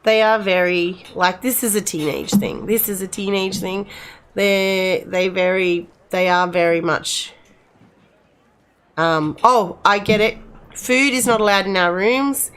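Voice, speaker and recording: A woman's voice: mid-range voice, a little slow, fairly bright tone, clean tone. Chatty woman streamer. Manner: chatty, rambling with many restarts. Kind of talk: casual chat with live chat viewers.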